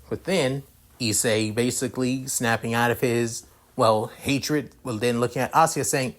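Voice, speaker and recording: A man's voice: mid-range voice, measured pace. Male narrator, rambling, filler words, casual cursing, fan story reading.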